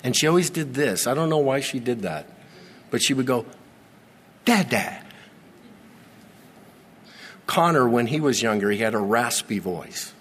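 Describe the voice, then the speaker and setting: A man in his forties preaching a sermon, earnest and repetitive, with dramatic slow pauses. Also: medium pitch, expressive, fairly bright tone, slightly rough. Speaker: pastor. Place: church sanctuary. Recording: long reverb of a large church hall.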